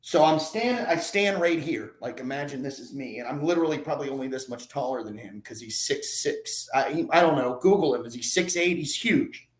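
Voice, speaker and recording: A man in his forties, a podcast guest and sports reporter, telling animated, self-deprecating stories in a rambling way. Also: medium pitch, fairly quick, few pauses. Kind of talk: casual storytelling.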